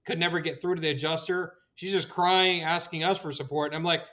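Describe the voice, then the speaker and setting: A man's voice: on the high side, steady tone, fairly quick, hardly any pauses, bright, forceful tone. A man hosting a casual podcast chat who sounds earnest and agreeable and often chimes in while his guest talks. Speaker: podcast host. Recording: dull lo-fi audio.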